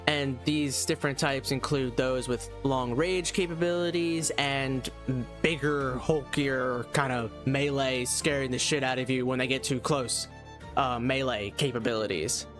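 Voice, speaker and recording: A man's voice: medium pitch, fairly even intonation, a little slow, over music. A man giving a casual, rambling video game review, full of "like" and restarts. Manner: rambling, lots of fillers.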